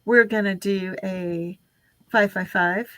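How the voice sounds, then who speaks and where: A woman's voice: medium pitch, steady tone, slow, bright, forceful tone, no echo. A woman hosting a casual live stream, chatting with guests and running through lists of names. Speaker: livestream host.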